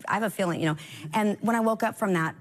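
A woman sharing her faith story in casual conversation, earnest and encouraging, acting out quoted dialogue with sudden jumps up in pitch. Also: racing. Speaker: guest.

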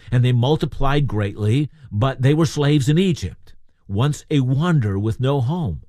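A man's voice: mid-range voice, dark tone, dry recording, studio quality. A man preaching a sermon in a conversational way, asking his listeners questions.

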